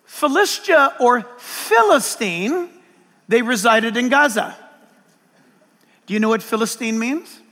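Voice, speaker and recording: A pastor preaches to a large auditorium in a very high, bright, forceful voice. He jokes and teases the crowd, then erupts into shouts. Long hall reverb trails each phrase. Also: slow, long pauses. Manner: animated, joking, breaks into shouts. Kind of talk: preaching a sermon.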